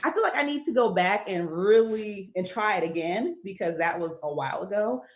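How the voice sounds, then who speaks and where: A woman's voice: medium pitch, animated, fairly quick. A young American woman talking as a guest in a casual chat, thoughtful and hesitant, with many fillers. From United States.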